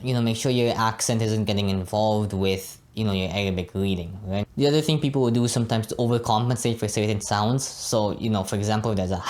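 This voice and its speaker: A young man with a lowish voice gives a casual Arabic pronunciation lesson, speaking briskly with few pauses. His teaching monologue is relaxed, and he keeps tacking "right?" and "you know" onto his sentences.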